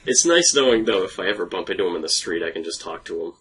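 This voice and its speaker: Young man, podcast co-host, low husky gravelly voice, casual chat, quick laughs. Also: lively intonation, fairly bright tone. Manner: laughs often, swears casually.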